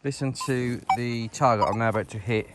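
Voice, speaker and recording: A man's voice: medium pitch, fairly quick, background noise. Chatty British man detecting outdoors. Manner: chatty, upbeat, addresses viewers as ladies and gents. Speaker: metal detecting vlogger. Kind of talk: casual outdoor walk-and-talk vlog. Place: outdoors in a farm field.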